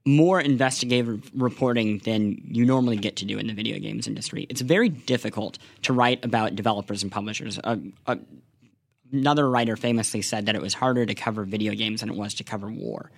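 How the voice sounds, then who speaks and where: A man's voice: fairly low pitch, fast, gravelly, dry recording. A man and games journalist talking earnestly in a casual podcast discussion, speaking in long runs with frequent restarts and repeated words.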